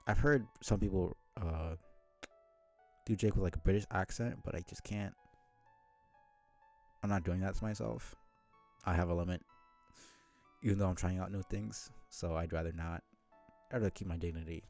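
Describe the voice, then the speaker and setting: A man's voice: low-pitched, mellow. A man streaming live, chatting casually in a rambling way with casual swearing.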